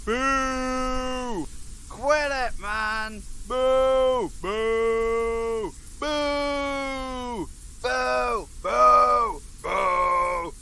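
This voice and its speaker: A man putting on a high, shouting voice as a heckler who boos the host. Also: drawn-out words, vocal fry, slight background noise, heavily acted. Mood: jeering. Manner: shouting, jeering.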